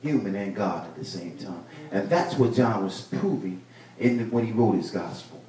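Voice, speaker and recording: A male pastor preaching a sermon, building to loud bursts and repeating his phrases. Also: on the low side, normal speed. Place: church sanctuary. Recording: echoey church room, mic at a distance.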